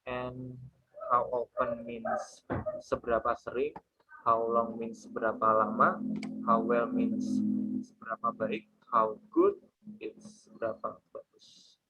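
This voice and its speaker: A man with an Indonesian accent teaches English in a patient, step-by-step way, filling his talk with "you know" and "I mean". His voice is gravelly and husky. The recording sounds muffled and lo-fi. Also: medium pitch, steady tone, measured pace, pushed and bright, soft background music. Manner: patient, explaining step by step with many fillers. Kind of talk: online English lesson.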